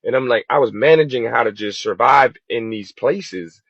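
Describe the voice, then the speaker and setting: Husky, forceful man telling his own story. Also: mid-range voice, normal speed, dry recording, highs cut off. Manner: impassioned, repetitive questioning of his younger self. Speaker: speaker sharing his life story. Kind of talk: emotional personal testimony.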